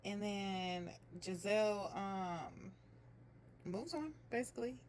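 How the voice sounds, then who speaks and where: A young woman chatting casually as she recaps a reality show, telling it in a lively way and slipping into other people's voices. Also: medium pitch, slow, a little hiss or hum. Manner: chatty, animated retelling with quoted voices.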